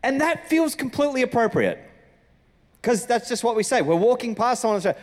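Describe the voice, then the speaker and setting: A man's voice: very high voice, big pitch swings, fairly quick. A man with an Australian accent, a senior pastor giving a sermon in a conversational, storytelling way, acting out the greetings he quotes. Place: church auditorium. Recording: long reverb from a church hall.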